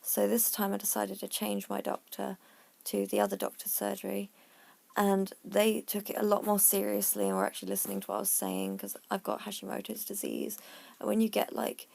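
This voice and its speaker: Gravelly-voiced woman telling her story. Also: medium pitch, brisk, a little mellow. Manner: chatty, frank, drops to a near whisper at times. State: out of breath. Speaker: vlogger. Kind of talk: casual personal story to camera.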